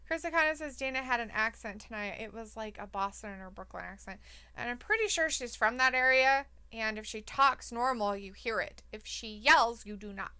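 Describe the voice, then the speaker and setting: A woman's voice: fairly high pitch, moderate pace, bright, forceful tone, clear, resonant tone. A woman co-hosting a live wrestling watch-along, laughing often and reading viewer comments aloud. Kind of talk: casual live reaction chat.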